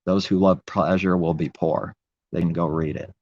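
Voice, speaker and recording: A man's voice: sits low, steady tone, normal speed, darkish tone, dry recording, muffled recording. A man preaching in an impassioned, rambling religious monologue, repeating his phrases.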